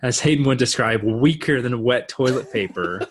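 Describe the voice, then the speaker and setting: A man's voice: mid-range voice, animated, moderate pace, a little hiss or hum. A man co-hosting a podcast in casual chat, playful and teasing. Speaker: podcast co-host.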